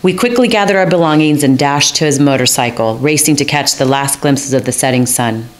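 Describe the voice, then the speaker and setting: Low-voiced wry woman storyteller. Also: fairly quick, a little hiss or hum. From United States. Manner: wry, self-mocking, theatrical. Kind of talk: personal story performance.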